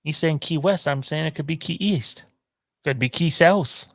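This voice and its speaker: A man with a fairly high voice co-hosts a casual streamed chat show, reading out the live chat while joking and laughing. He's laid-back and jokey at a normal speed, captured dry in studio quality.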